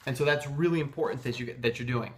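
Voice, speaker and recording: A man's voice: mid-range voice, fast. A man giving a motivational sales-coaching talk, emphatic and insistent, with loose phrasing full of fillers and restarts. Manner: emphatic, insistent about conviction.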